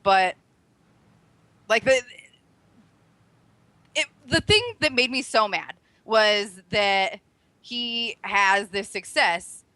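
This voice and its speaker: A woman co-hosting a podcast, speaking in halting, repetitive bursts and swearing freely. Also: medium pitch, pushed and bright, no echo. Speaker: podcast co-host. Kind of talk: casual chat.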